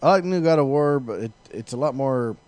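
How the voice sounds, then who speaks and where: A man's voice: medium pitch, lively intonation, a little fast, a little mellow. A man co-hosting a casual podcast, teasing his partner and going on sarcastic joking rants. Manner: sarcastic, teasing, ranting jokes. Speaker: podcast co-host. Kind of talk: casual chat.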